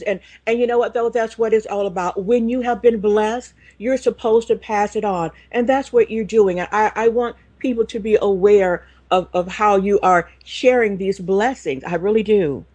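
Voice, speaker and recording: A host with a husky, slightly breathy voice leads a faith interview, speaking with emphatic praise for the guest. The sound is dry and close, with no room echo. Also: medium pitch. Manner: emphatic, warm exclamations of praise.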